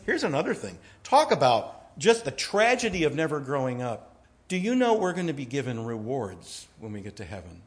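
A middle-aged male pastor preaches in a rambling, storytelling way. His pitch sits a touch high and climbs sharply when he gets excited, then drops to hushed asides. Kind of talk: sermon with personal stories.

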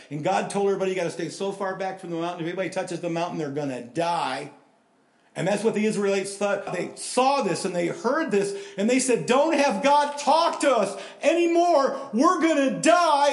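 An older man preaching a sermon, telling stories with sudden loud bursts of emphasis. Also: medium pitch, roomy sound. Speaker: pastor.

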